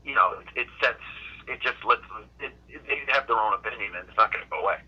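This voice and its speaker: A man's voice: medium pitch, quick pace, slightly rough, dull audio. A middle-aged man from Boston, a comedian guest telling road stories in casual chat, often stopping and restarting his sentences. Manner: rambling storyteller, frequent restarts.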